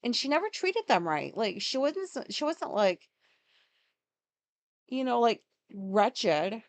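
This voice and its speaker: A woman's voice: on the high side, very animated, takes it slowly, no room sound. A woman hosting a podcast, talking through her day in a rambling, casual monologue full of fillers and swearing. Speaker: podcast host.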